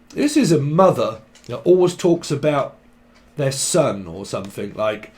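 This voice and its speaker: A man's voice: mid-range voice, very animated, a little slow, a little mellow. A young man, giving a casual tarot reading in a rambling, profane way and laughing often. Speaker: tarot reader.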